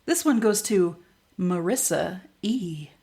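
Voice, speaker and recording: A woman co-hosting a casual podcast who makes quick wisecracks and laughs easily. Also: fairly low pitch, lively intonation, mellow. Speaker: podcast co-host.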